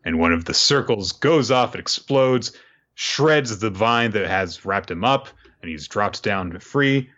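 Casting: deep-voiced male podcaster, laid-back recap, lo-fi sound. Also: expressive, a little slow, a bit bright. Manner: laid-back, chuckling, filler-heavy. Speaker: podcast co-host. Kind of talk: casual chat recapping a manga.

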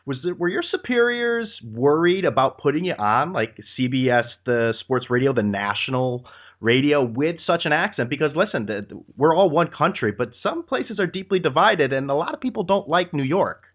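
A man hosts a casual sports interview, asking his questions in a relaxed, conversational way. His voice is squeezed through a narrow, tinny phone-line band. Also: fairly high pitch, moderate pace. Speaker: podcast interviewer.

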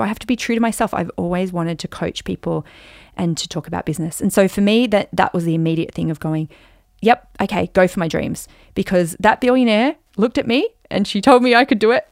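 A woman in her forties hosting a podcast, telling a personal story in an animated, chatty way with lots of fillers. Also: mid-range voice, no room sound, clean studio sound. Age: 40s. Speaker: podcast host.

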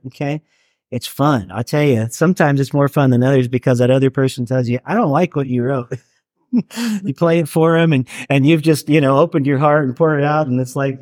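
A middle-aged worship leader and chaplain teaching a workshop talks earnestly and conversationally to a live group, with restarts and asides, and he's getting teary. His medium-pitched voice is darkish, recorded clean in a studio with no room sound.

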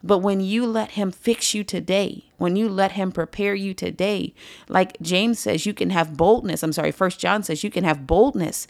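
A woman's voice: mid-range voice, moderate pace, creaky, darkish tone, no room sound. A woman teaching a morning Bible study in an earnest, conversational way, often checking in with her listeners. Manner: earnest, conversational, with frequent "right?" asides.

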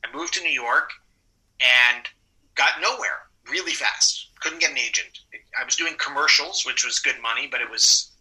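A middle-aged man, an actor being interviewed, telling anecdotes in a lively way, laughing often and acting out the people he quotes. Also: medium pitch, normal speed, low-quality recording. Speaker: actor guest.

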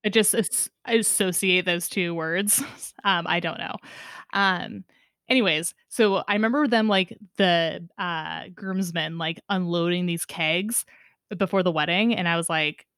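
A woman co-hosting a podcast, relaxed casual chat with frequent laughs and fillers. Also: lowish voice, unhurried, smooth, dry recording, clean studio sound.

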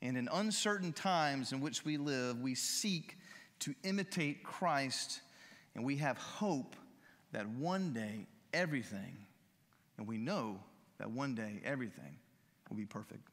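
A man's voice: mid-range voice, lively intonation, measured pace, a bit bright. A man preaching a sermon as pastor, earnest and rising in fervor on key phrases, then leading a closing prayer in a church. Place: church sanctuary. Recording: long reverb of a church hall.

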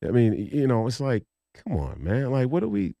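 A man's voice: mid-range voice, sing-song, brisk, gravelly, dry recording, dull audio. A man, co-hosting a podcast, talking heatedly in a rambling, profane way with many restarts. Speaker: podcast co-host. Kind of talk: casual political chat.

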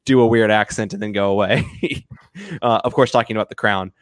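A man's voice: lowish voice, steady tone, brisk, clean tone, no echo. Rambling man in a dry, close recording. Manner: rambling, many restarts and fillers, laughs often. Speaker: film review podcast co-host. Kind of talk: casual film review chat.

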